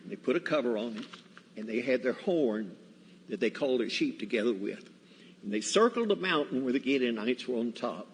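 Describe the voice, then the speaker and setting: A man preaching in a church, telling Bible and personal stories in a folksy, deliberate way. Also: mid-range voice, animated, slight background noise. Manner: slow, folksy, deliberate storytelling. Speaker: guest preacher. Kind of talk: storytelling sermon. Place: church sanctuary. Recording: reverberant church hall, faint ambience.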